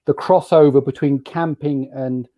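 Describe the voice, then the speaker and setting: A man's voice: medium pitch, fairly even intonation, a little slow, dark tone, dry recording. A man with a British accent, a guest on a podcast, explaining things in an orderly way with wry, dry humor. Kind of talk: casual interview chat.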